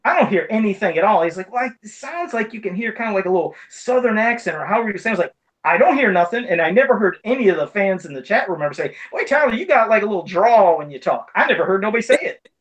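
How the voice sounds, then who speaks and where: A man's voice: high voice, lively intonation, fast. A man co-hosting a casual podcast, chatty and repeating himself as he over-explains a point. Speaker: podcast co-host. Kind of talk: casual chat.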